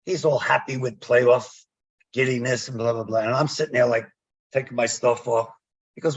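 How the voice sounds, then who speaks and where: A man's voice: mid-range voice, fairly quick, slightly rough, muffled recording. A man, a former umpire, telling stories in a podcast interview and acting out the dialogue. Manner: animated storyteller, acts out quoted dialogue.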